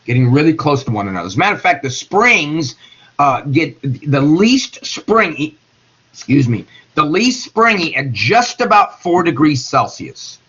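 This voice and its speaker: A man's voice: fairly high pitch, big pitch swings, normal speed, a bit bright, husky. A middle-aged man giving a chemistry lecture in a classroom, folksy and joking with his students. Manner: folksy, jokey, talks to students by name. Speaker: chemistry teacher. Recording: dull lo-fi classroom recording.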